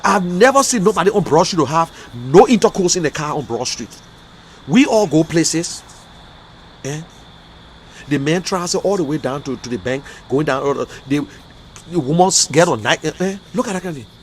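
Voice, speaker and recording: Hosting an online talk show, this man from Liberia speaks with a Liberian English accent and a slightly high, expressive voice at normal speed. His livestream commentary is impassioned, emotional, and fiery, packed with repeated outbursts, and there's a little hiss or hum.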